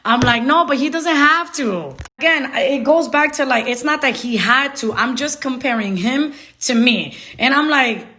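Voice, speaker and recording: A young woman telling a dating story in a casual, animated way, slipping into Spanish phrases. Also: fairly high pitch, a little hiss or hum. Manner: animated, laughing often, switches into Spanish. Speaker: storyteller vlogger.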